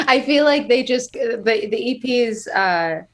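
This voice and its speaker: A woman's voice: fairly high pitch, lively intonation, slow pace. A woman from New York State with a slight Brooklyn accent, a singer-songwriter guest in a casual interview, chatty, self-deprecating and hesitant.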